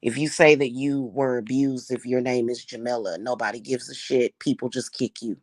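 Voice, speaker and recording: A middle-aged woman with an extremely low-pitched voice rants to camera at a moderate pace and with fairly even intonation, in a dry, clean studio recording. She is a spiritual reader and spellwork vlogger in an unscripted, angry vlog rant. She sounds heated and profane, repeats herself and keeps restarting her sentences.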